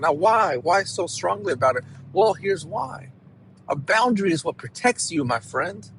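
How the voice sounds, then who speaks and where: A man, a counselor, giving an emphatic, animated motivational talk and often checking in with "right?". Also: a little high, a little hiss or hum, poor audio.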